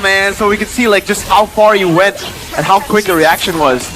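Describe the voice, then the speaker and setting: A man giving chatty, excitable color commentary on an esports match. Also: high voice, moderate pace, slight background noise, rough recording. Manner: chatty, excitable, filler-heavy analysis. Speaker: esports analyst.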